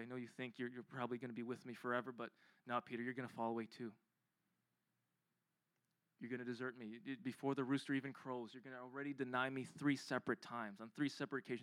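A man playing a calm, sorrowful male teacher who speaks softly and gravely. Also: medium pitch, fast, few pauses, dry recording, voice pushed down, lightly acted. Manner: soft, grave, steady.

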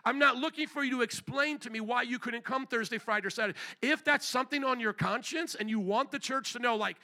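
High, bright-voiced preacher, blunt and emphatic. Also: male voice, fast talker. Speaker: pastor. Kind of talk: sermon.

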